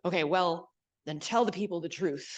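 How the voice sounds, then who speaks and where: A woman impersonating a folksy older male politician, loud and emphatic, in a live talk. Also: on the low side, normal speed, lo-fi sound, voice pushed up, natural voice. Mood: hearty.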